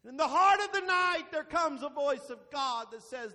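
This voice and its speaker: A pastor with a high, bright voice preaches a sermon. He fills his lines with "uh" and swings between shouted bursts and hushed stretches. His voice rings in a long church reverb. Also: expressive, normal speed, hardly any pauses. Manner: frequent "uh" fillers, bursts of shouting then dropping quiet.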